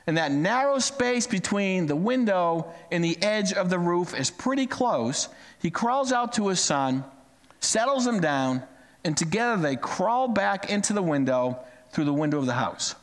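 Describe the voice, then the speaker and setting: Lively storytelling preacher in a reverberant hall. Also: male voice, sits high, measured pace. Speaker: pastor. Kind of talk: sermon.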